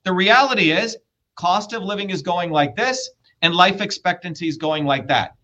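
A man's voice: high-pitched, moderate pace, bright, forceful tone, highs cut off. A man running for office, arguing bluntly and lecturing with profanity in a heated political debate. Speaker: political candidate.

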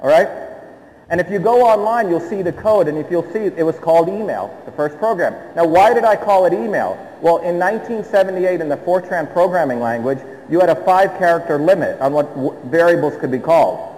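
A man's voice: a little high, expressive, fairly quick, a little mellow. Emphatic man speaking in a reverberant hall. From India. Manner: emphatic, with frequent rhetorical check-ins. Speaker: speaker addressing an audience. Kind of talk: public talk. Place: hall with an audience.

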